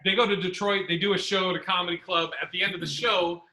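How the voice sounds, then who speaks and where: A man with a high, very bright voice tells comedy road stories in casual podcast chat. He rambles with restarts and acts out the people he quotes. The room around him is roomy and echoey. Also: flat delivery, quick pace. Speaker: podcast host. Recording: roomy echo.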